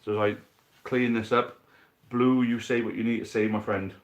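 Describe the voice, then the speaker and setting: A man commentating a football dice game live for a stream, building excitement at big moments and chatting to viewers as mates. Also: lowish voice, normal speed.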